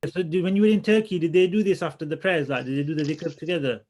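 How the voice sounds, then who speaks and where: A man teaching a religious class in a relaxed, conversational way, often restarting his sentences as he thinks aloud. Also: fairly high pitch, quick pace, a little hiss or hum. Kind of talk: casual classroom lesson.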